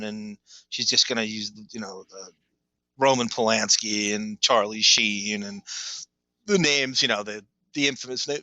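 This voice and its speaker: A man's voice: mid-range voice, sharp tone, no echo, rough recording. A man co-hosting a podcast, talking in long, emphatic run-on sentences. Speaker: podcast co-host. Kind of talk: casual chat.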